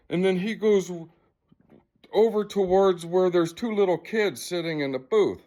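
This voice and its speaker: Male vlogger, slightly high voice, heated and profane, rambling casual storytelling. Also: moderate pace, a little mellow. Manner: agitated, profane, rambling retelling.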